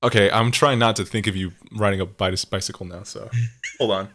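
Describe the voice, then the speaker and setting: A young man co-hosting a casual podcast, rambling and excitable, swearing and laughing loudly. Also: on the low side, fairly quick. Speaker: podcast co-host.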